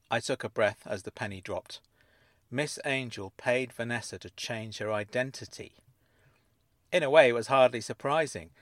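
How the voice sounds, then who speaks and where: A man narrating a first-person story with an expressive reading. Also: mid-range voice, no room sound. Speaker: audiobook narrator.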